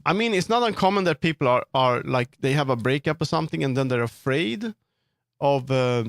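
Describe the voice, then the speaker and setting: A man's voice: medium pitch, lively intonation, fairly quick, vocal fry, no room sound, clean studio sound. A man streaming live, answering his viewers' chat while he works on 3D models, firm and earnest when he sets limits. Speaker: livestreamer and 3D model customizer. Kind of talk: casual livestream chat, answering chat.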